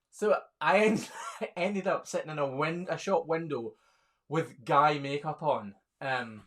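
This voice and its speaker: A man's voice: medium pitch, fairly bright tone. A man, a hoof trimmer chatting casually on a live stream, reading viewer questions aloud and laughing often. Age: 30s.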